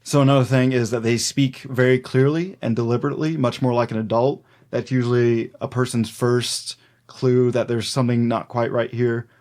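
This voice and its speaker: A man co-hosts a folklore podcast in relaxed, unscripted chat. His pitch sits in an ordinary middle range, and he rambles through his notes with frequent fillers and easy laughs. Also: normal speed. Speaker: podcast co-host.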